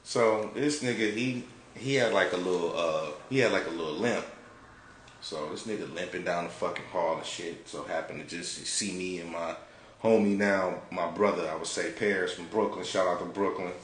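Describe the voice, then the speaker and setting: A man from Detroit, a podcast host, telling an animated, profane story in a laid-back way. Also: sits low, moderate pace. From Detroit, United States. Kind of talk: casual storytelling. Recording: roomy with faint background noise.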